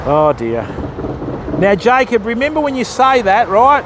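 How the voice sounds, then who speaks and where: A high-pitched Australian man chats casually on a live fishing stream, ribbing his viewers with easy banter as he casts outdoors. Faint outdoor noise sits behind his voice. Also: very animated, unhurried.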